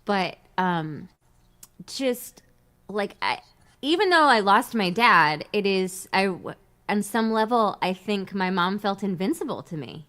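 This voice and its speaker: A woman's voice: medium pitch, unhurried. A middle-aged woman, hosting a casual livestream chat, telling stories with frequent laughter. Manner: chatty, laughs often, animated storytelling. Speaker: host.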